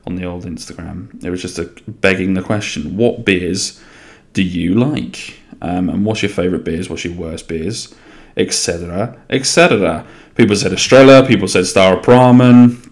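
A young man from England talks through his solo podcast in a loose, rambling way. His voice sits a little low. He swears casually and keeps restarting his sentences as he chats. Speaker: podcast host.

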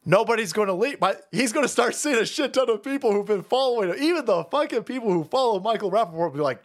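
A man's voice: sits high, lively intonation, quick pace, hardly any pauses. A man ranting on a political livestream, profane and mocking, often breaking into laughter. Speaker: political commentary streamer. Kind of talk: livestream rant.

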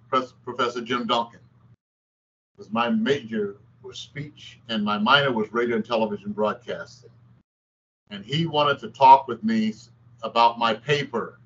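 Older man, former athlete, interview storytelling, animated, repeats phrases, slightly dull recording, faint hiss. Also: medium pitch. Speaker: former basketball player and newscaster.

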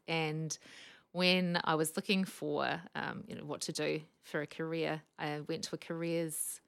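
A woman, a speech pathologist guest, telling lively anecdotes and laughing often. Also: sits low, normal speed, vocal fry, clear, resonant tone. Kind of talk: casual storytelling chat.

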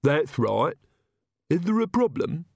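A man voicing a haughty, grumbling male castle servant who speaks slowly. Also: fairly high pitch, big pitch swings, gravelly, darkish tone, husky, dry recording, clean studio sound, voice pushed up, exaggerated voice.

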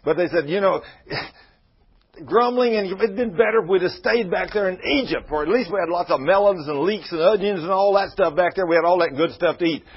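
A man's voice: high voice, brisk, slightly rough. A man preaching a sermon in a folksy, conversational way, retelling Bible scenes. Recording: muffled lo-fi radio broadcast.

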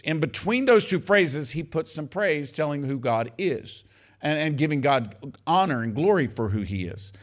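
Older male pastor, slightly high voice, emphatic, conversational sermon delivery. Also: sing-song, normal speed. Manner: emphatic, conversational preaching, addressing congregation as y'all.

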